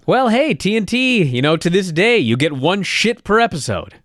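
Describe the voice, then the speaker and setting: A man's voice: high-pitched, sing-song, normal speed, fairly bright tone, no echo. A man co-hosting a podcast from a studio, chatting casually in an opinionated and profane way. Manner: opinionated, profane wrestling banter. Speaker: podcast co-host. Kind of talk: casual chat.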